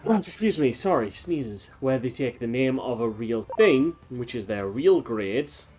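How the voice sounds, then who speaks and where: A man's voice: medium pitch, lively intonation, unhurried, darkish tone. A man streaming a video game, chatting casually and wandering off into long tangents full of fillers. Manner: rambling, talks in long tangents with many fillers. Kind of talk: casual let's-play commentary. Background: faint game music.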